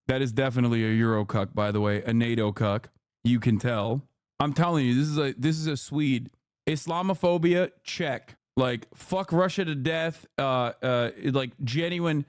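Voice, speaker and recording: A man streaming, reacting to clips with sarcastic, profane, rapid-fire commentary. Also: on the high side, no room sound, studio quality. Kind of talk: casual commentary.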